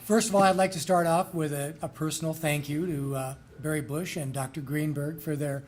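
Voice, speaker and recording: Folksy middle-aged man, slightly high voice. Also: steady tone, fairly quick. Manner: folksy, rambling, self-deprecating. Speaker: school administrator. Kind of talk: ceremony introduction speech.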